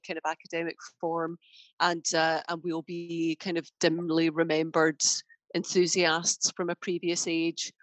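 A woman's voice: lowish voice, dry recording, rough recording. A Scottish woman, a crime writer, chatting on a podcast in a wry, laughing way. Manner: wry, laughing, animated storytelling. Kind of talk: casual podcast chat.

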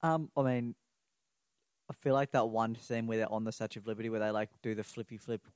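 A man's voice: on the low side, fairly even intonation, a little fast, darkish tone, clean tone, dry recording, clean studio sound. A man co-hosting a podcast, teasing his friend and swearing in casual chat. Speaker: podcast co-host.

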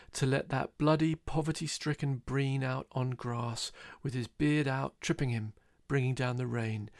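A man reading a literary novel aloud, telling it in a measured, wry way. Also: mid-range voice, no echo, clean studio sound. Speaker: audiobook reader. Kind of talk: literary reading with voiced characters.

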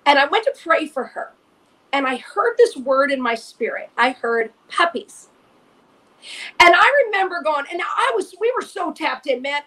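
A woman co-hosting a faith podcast, telling an animated personal story and repeating phrases for emphasis. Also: high-pitched. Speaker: podcast co-host. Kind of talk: casual chat, storytelling testimony.

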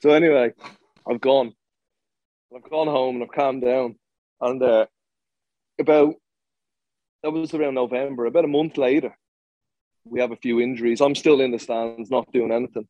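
A man's voice: medium pitch, fairly even intonation, moderate pace, pauses often, dry recording, dull audio. A man who played professional football, telling a story in an interview, blunt and swearing freely, with lots of restarts.

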